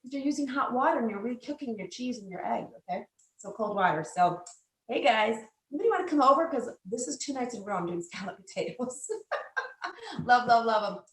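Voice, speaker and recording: A woman's voice: a little high, very animated, brisk. A woman giving a casual cooking demo from her home kitchen, chatty and laughing often as she gives tips. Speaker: cooking demonstrator. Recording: echoey kitchen.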